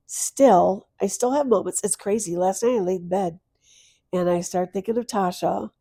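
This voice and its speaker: A middle-aged woman guesting on a podcast tells an emotional personal story of loss with tearful earnestness. Her medium-pitched voice is dark and mellow with a breathy edge, at normal speed, dropping to near whispers before rising into loud, emphatic bursts. The recording is close and dry.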